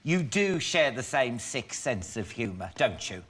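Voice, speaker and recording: A man's voice: medium pitch, sing-song, unhurried. A man hosting a chat show, telling stories in a gossipy, camp way. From Britain. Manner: gossipy, camp storytelling with big laughs. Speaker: talk show host. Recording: loud studio audience noise.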